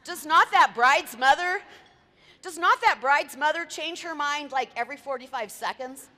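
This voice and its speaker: Speaking at a moderate pace, an event planner with a bright, high voice presents to a live audience in a meeting room. The hall is reverberant, and her lively talk is chatty, full of anecdotes and questions for the crowd.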